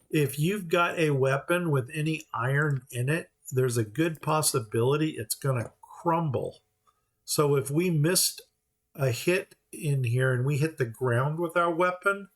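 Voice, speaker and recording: A man giving casual let's-play commentary, explaining each step as he plays and now and then mock-voicing the characters. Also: medium pitch. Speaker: gameplay commentator.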